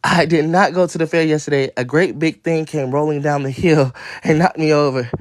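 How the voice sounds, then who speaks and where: A man's voice: a little high, steady tone, fairly quick, no room sound, studio quality, natural voice. Man reading cranky storybook wolf, bedtime read-aloud, plain voice. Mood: complaining. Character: angry male wolf complaining to a pig.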